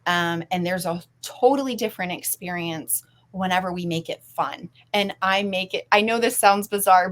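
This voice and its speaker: A woman's voice: mid-range voice, a bit bright. A woman counselor, a guest in a casual interview, talking in an upbeat way with frequent fillers.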